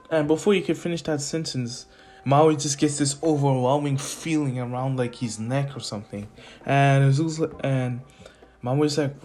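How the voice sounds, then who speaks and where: A man's voice: medium pitch, fairly even intonation, moderate pace, a little mellow. A man casually telling a made-up fan story, rambling with many fillers and corrections.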